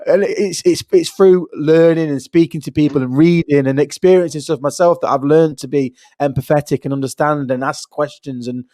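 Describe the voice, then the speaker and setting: A man's voice: a little high, dry recording, studio quality. A man co-hosting a podcast, chatting casually and acting out everyday exchanges as he tells stories. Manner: animated storyteller, acts out pub chatter. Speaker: podcast co-host. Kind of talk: casual conversation.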